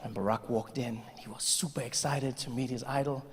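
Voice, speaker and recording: Brisk male stand-up storyteller. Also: medium pitch, steady tone, in a large hall. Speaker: comedian.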